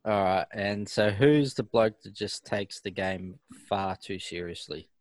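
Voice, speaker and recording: Co-host, man, low voice, easygoing yarn-teller, dry mic. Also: measured pace, dry recording. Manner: easygoing storyteller. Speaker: podcast co-host. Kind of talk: casual podcast chat.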